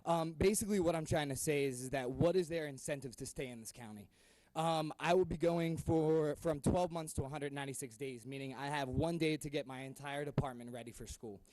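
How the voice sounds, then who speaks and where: A young man speaks at a podium during public comment, with a fairly high voice. He is earnest and impassioned, often pausing on "um". The sound is close and dry. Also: a little mellow, no echo, poor audio. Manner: earnest and impassioned, with frequent ums. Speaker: math department head speaking at public comment. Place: public board meeting room.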